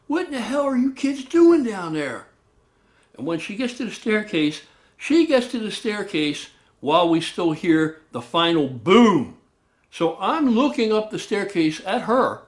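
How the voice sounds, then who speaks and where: Male storyteller, slightly high voice, very lively delivery, casual ghost-story telling with shouted sound effects. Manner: animated, loud booming sound effects, swears.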